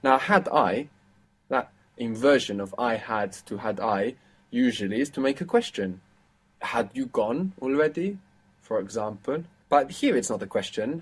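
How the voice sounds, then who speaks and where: A man's voice: mid-range voice, expressive, a little slow, darkish tone. Man, language teacher, patient, explanatory, quizzes students, mid-range voice. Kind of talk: live online language lesson.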